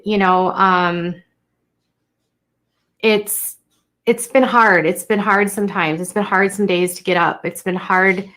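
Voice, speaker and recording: A young woman speaks to her stream in a slightly low voice, halting and emotional. She restarts sentences often and fills pauses with fillers. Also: fairly bright tone. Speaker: YouTuber live-streaming to viewers. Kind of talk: unscripted live-stream talk to chat.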